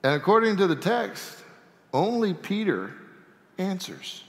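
A man preaching a sermon as pastor, folksy and animated, with humorous asides. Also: high voice, a little slow, creaky. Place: church sanctuary. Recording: long sanctuary reverb.

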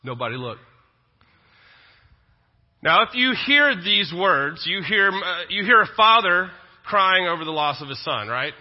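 A man's voice: high voice, big pitch swings, a little slow, long pauses. A male pastor, preaching a sermon in a conversational style with joking asides. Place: church sanctuary. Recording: dull lo-fi sound with long reverb.

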